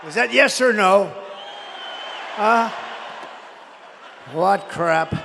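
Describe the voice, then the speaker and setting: A man's voice: sits high, takes it slowly, gravelly, pauses often, sharp tone. Older man, rally speech, rambling, boastful, angry outbursts, echoing arena, faint crowd hum. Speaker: politician speaking at a rally. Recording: echoey arena sound, faint crowd ambience.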